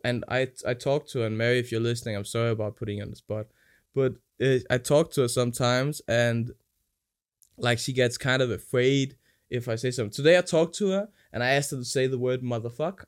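A man's voice: mid-range voice, clean tone. A man chatting casually with his brother, telling crude stories and preaching about forgiveness and inner life in a digressive way. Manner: animated, acts out quoted voices. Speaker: podcast guest, older brother. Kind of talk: casual rambling chat.

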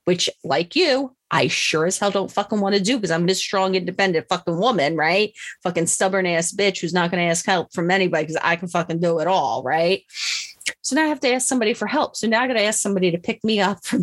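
A woman's voice: medium pitch, dry recording. A middle-aged woman telling a story in a casual monologue, blunt and profane, mocking herself and laughing often.

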